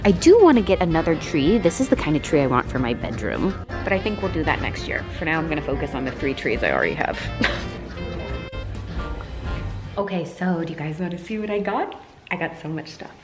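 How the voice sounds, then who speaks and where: A young woman vlogging casually, gushing and excitable with frequent gasps and giggles, over background music. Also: deep voice, fairly quick. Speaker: lifestyle vlogger. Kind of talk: casual vlog chat.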